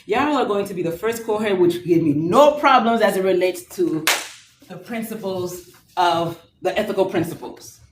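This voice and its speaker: A woman's voice: mid-range voice, normal speed. A woman teaching a nursing class, lecturing and teasing her students in a playful way. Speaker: nursing instructor. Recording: echoey classroom from far off, faint noise.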